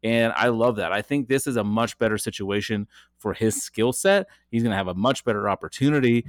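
A man's voice: fairly low pitch, a little fast, dry recording, studio quality. Chatty man talking college football. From Colorado area. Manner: chatty, laughs easily, frequent fillers. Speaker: podcast co-host. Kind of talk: casual sports chat.

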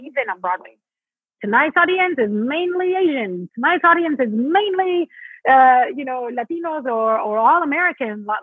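A woman's voice: husky, dry recording. A woman originally from Mexico, a Broadway actress, talking animatedly in an interview and acting out quotes. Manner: animated, acts out quotes with pitch jumps. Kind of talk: interview conversation. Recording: tinny phone-like line.

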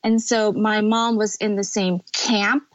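A woman's voice: medium pitch, steady tone, dry recording. Candid woman guest, slightly muffled. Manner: candid, tearful at times, halting. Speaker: podcast guest. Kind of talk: emotional personal storytelling.

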